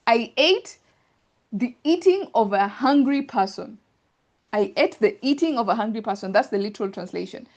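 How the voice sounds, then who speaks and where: A woman's voice: on the high side, expressive, moderate pace, a little mellow. A woman teaching Arabic grammar in an online class, explaining patiently step by step with examples over a video call.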